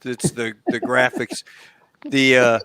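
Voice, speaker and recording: A man's voice: mid-range voice, steady tone, slow pace, pushed and bright, clean tone, no room sound. A man hosting a casual video call chat, laughing often and rambling loosely. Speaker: show host. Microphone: home computer mic on a video call.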